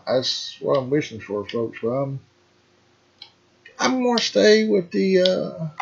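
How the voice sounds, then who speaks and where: A man's voice: medium pitch, breathy edge, highs cut off. A middle-aged man hosting a gaming channel, talking in a rambling, folksy way and calling his viewers folks. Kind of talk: casual farming game commentary.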